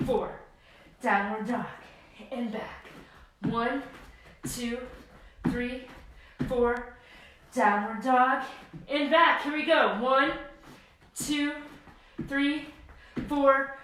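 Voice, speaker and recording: A woman's voice: a little high, fairly bright tone, a little hiss or hum. A woman in her forties leading an at-home workout class, upbeat, counting reps and cueing each move. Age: 40s. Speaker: fitness instructor. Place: home room. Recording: echoey room, mic at a distance.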